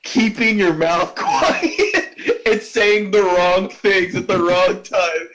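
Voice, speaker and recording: A man's voice: sits high, lively intonation, slow, fairly bright tone, rough recording. A man playing a tabletop game, laid-back and chuckling as he describes his character. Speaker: player. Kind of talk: casual tabletop play.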